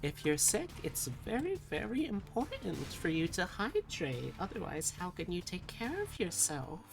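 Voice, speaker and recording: A woman's voice: lowish voice, wildly swooping pitch, normal speed, creaky, over music. A woman streaming live, chatting with viewers in a playful, teasing, sultry way. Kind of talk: casual live-stream chat with chat readings.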